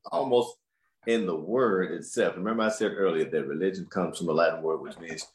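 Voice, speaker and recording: A man, a scholar, answering interview questions in a measured, explanatory way. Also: sits low, roomy sound. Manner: measured, explanatory, repeats words.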